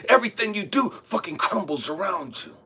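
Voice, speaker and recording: A man's voice: high-pitched, animated, brisk, bright, forceful tone, husky. A man giving an impassioned spiritual monologue, blunt and profane, talking like a street storyteller. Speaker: spiritual vlogger.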